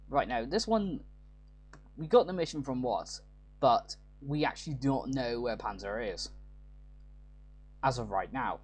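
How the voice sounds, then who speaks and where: A man's voice: mid-range voice, expressive, a little slow, pauses often. A man casually commenting as he plays a game, rambling and often correcting himself mid-sentence. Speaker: let's play host.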